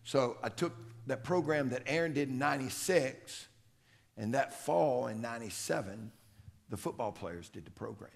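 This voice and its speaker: A man's voice: mid-range voice, animated, normal speed, vocal fry. A middle-aged man, a strength coach giving a folksy, anecdotal conference talk. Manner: folksy, anecdotal, acts out quotes. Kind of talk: conference presentation, storytelling. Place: conference room.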